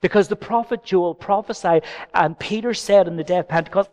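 Man, pastor, preaching with light humour and stories, voice a bit higher than usual. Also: fairly quick. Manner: anecdotal, gently humorous preaching. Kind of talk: sermon. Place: church.

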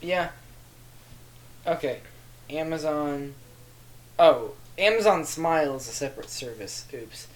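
A podcast co-host in casual chat while recording, chatty and quick to laugh. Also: mid-range voice, animated.

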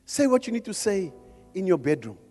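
Male preacher, very high voice, fervent sermon, shouting at times, long hall reverb. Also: very animated, fairly quick, faint music behind. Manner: impassioned, rising to shouts, jokes with the crowd. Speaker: preacher at a men's conference.

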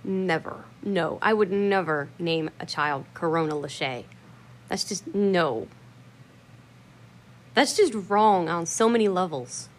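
A woman's voice: lowish voice, lively intonation, takes it slowly. Blunt, foul-mouthed woman ranting casually. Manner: blunt, swears freely, laughs hard. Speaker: vlogger. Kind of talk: casual rambling chat.

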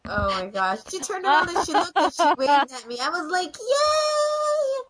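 A woman with a fairly high voice chats on a podcast. Her pitch leaps up and down as she rambles and giggles through her stories. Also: sing-song, a little fast, crowd noise. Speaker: podcast co-host. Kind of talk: casual chat.

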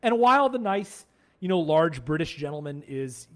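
An American man hosting a podcast, telling an anecdote in casual chat, animated and laughing often. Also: a little high, normal speed. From United States. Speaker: podcast host.

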